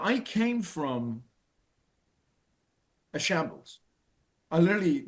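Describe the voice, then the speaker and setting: A middle-aged Irish man telling a personal story in an earnest, halting way, restarting and repeating phrases for emphasis. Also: on the high side. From Ireland. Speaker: speaker telling his own story.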